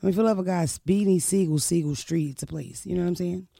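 Brief: woman comic hosting a podcast, loud and profane, gravelly tone, dry close mic. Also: on the low side, fast, no room sound. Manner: loud, profane, animated banter. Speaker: podcast host and comedian. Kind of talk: casual podcast chat.

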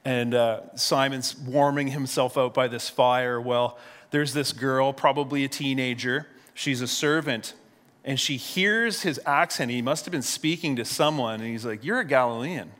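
A man's voice: medium pitch, unhurried, a bit bright, long reverb tail. A male pastor retelling a story in a sermon, casual and conversational, often repeating a word as he restarts.

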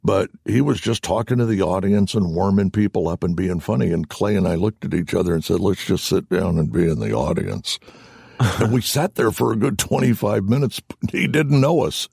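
A man, a voice actor guest on an interview show, telling stories in an animated, self-deprecating way and laughing along as he goes. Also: fairly low pitch, moderate pace, creaky, husky, no room sound, studio quality. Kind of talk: anecdotal storytelling in conversation.

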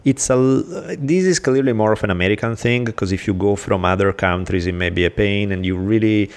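A man's voice: on the low side, fairly even intonation, a little fast. A man from Italy, co-hosting a podcast in loose, rambling casual chat with some swearing. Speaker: podcast co-host.

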